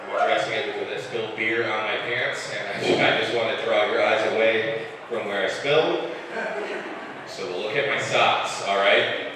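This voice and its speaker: A young man with a lowish voice works a live comedy crowd, short of breath and self-mocking. The sound is distant and roomy, with a long club reverb and a constant hum of noise behind him. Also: fairly even intonation, moderate pace. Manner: loose, self-deprecating, chatty with the crowd. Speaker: stand-up comedian. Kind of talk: live stand-up set. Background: live audience, club ambience.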